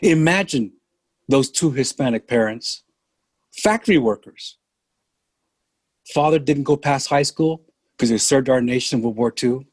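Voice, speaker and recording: An older man from San Francisco, talking as a guest in an earnest, reflective way. He speaks very slowly and deliberately, at a middle pitch. The sound is dry and close. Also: a little mellow, breathy edge, no room sound. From San Francisco, California. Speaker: podcast guest. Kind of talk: reflective podcast conversation.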